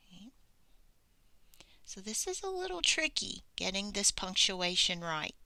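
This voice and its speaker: A woman's voice: medium pitch, big pitch swings, a little slow, gravelly, pushed and bright, dry recording. A woman teacher giving a recorded grammar lesson, patient and explaining step by step as she works.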